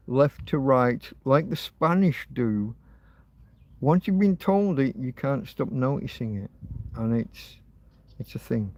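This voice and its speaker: Over a faint hum of background noise, a man hosts a livestream in a rambling, easygoing manner. His mid-range voice is a little mellow, and he thinks aloud, stumbling through many ums and false starts.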